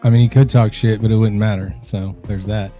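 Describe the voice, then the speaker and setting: A man co-hosting a podcast, chatting in a relaxed, wry, conversational way. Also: fairly low pitch, brisk, faint music behind. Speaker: podcast co-host. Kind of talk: casual chat.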